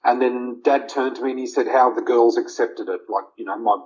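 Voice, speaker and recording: A man's voice: mid-range voice, steady tone, a little fast. Earnest Australian man telling his story. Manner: earnest, heartfelt storyteller who retells conversations in detail. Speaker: guest. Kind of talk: personal storytelling in an interview. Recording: slightly muffled lo-fi audio.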